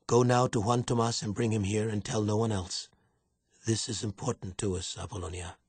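A man reading aloud, voicing a hunted young fisherman who speaks in a low, solemn, quietly pleading way. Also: fairly even intonation, normal speed, husky, dry recording. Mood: grave.

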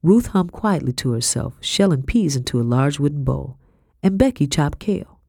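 A woman narrating a historical novel in first person, in a measured storytelling manner. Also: low voice, expressive, vocal fry, dark tone, no echo, studio quality. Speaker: audiobook narrator.

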